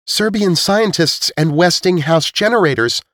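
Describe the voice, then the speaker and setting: A male narrator voicing a giggly, excitable young woman in a storybook reading. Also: high voice, a little slow, dry recording, clean studio sound, pitched above the performer's own voice. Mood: excited.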